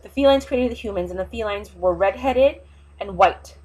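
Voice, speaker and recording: A woman's voice: medium pitch, moderate pace, a little mellow, low-quality recording. A woman vlogger, talking in an impassioned, rambling casual monologue with emphatic, fiery opinions.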